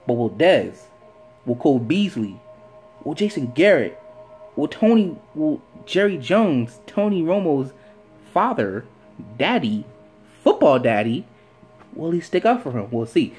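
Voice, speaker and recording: Over soft background music, a male sports vlogger with a mid-range, breathy voice launches into an opinionated commentary rant at normal speed. He stays animated throughout, firing rhetorical questions and repeating phrases for emphasis.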